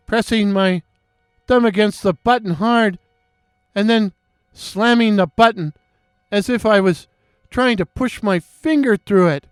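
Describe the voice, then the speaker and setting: A man narrating a first-person horror story in a dramatic, halting way, with nervous restarts. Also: sits high, smooth, dry recording, clean studio sound, soft background music.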